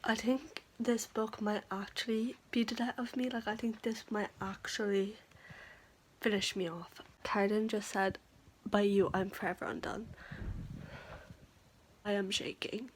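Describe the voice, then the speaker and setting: A young woman talking through her reading in a casual vlog, gushing and excitable. She fills her sentences with "like" and rushes from one reaction to the next. Her pitch sits in a middling range. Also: a little hiss or hum, low-quality recording. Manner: gushing, excitable, filler-heavy chatter. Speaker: book vlogger. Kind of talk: casual reading vlog with read-aloud passages.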